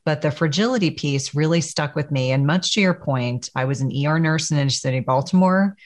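Middle-aged woman, podcast host; measured, reflective conversational delivery. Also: sits low. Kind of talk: conversational interview.

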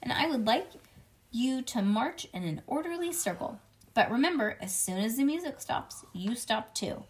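A prim, proper cake lady from a storybook who announces rules to children, as a woman puts her on. Her voice sits a little high and lilts up and down, with a crisp announcing manner. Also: animated, moderate pace, lightly acted. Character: prim grown-up cake lady running a game. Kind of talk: storybook read-aloud.

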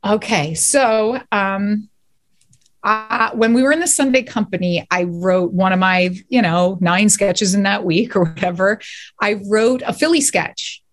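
A woman, a guest actor and writer, telling stories in a casual podcast interview in animated, quick bursts. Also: mid-range voice.

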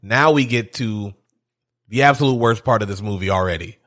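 A man's voice: fairly low pitch, normal speed. A man casually recapping a movie scene by scene, swearing freely and acting out the characters' lines as he goes. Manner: profane, animated retelling with quoted voices.

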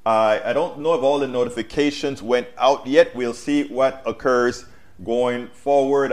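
A man of ordinary pitch hosts a live-streamed political talk show. He talks straight to his viewers, calls them folks, and keeps pushing his points with loud, emphatic bursts over a wireless mic. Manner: animated, addresses viewers as folks.

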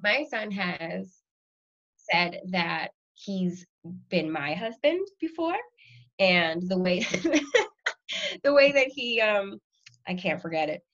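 A woman in her thirties, a guest in a casual conversation, telling stories with laughter and lively quoted voices. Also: medium pitch, slow, pauses often, lo-fi sound.

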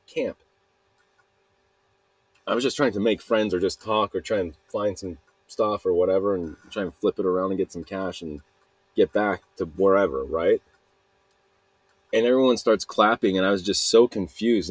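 A man's voice: fairly low pitch, normal speed, long pauses, breathy edge, no echo. A young man from Utah rambling through a solo podcast monologue, self-mocking and trailing off mid-sentence. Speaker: podcast host.

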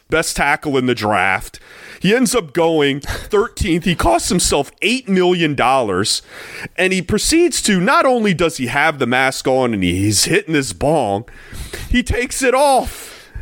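A man with a fairly high, animated voice co-hosting a casual sports podcast. He talks bluntly and mockingly and swears freely. The sound is close and dry. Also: no echo. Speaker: podcast co-host.

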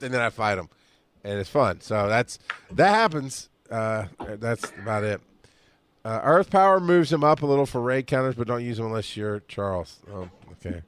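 A man's voice: medium pitch, lively intonation, moderate pace, clean tone, no room sound. Joking man co-hosting a podcast. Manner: joking, teasing, breaks into put-on voices. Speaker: podcast co-host. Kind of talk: casual podcast chat.

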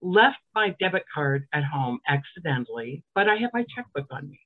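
A woman from Alabama spins a long story with a dry, sardonic bite. Her voice sits a bit low and comes through a thin, phone-like line. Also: sing-song, moderate pace. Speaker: guest. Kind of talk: casual storytelling on a comedy podcast.

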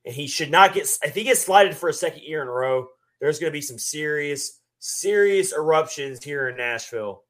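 A man co-hosting a sports podcast, talking casually and at length with relaxed fillers. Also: on the high side. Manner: relaxed, talkative, drawn-out fillers. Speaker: podcast co-host.

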